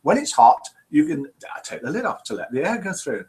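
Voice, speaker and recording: With a fairly high, sing-song voice that's darkish and slightly rough, he talks a little fast. He's the host of a laid-back live online chat show aimed at over-50s, reading out viewer comments in a chatty way.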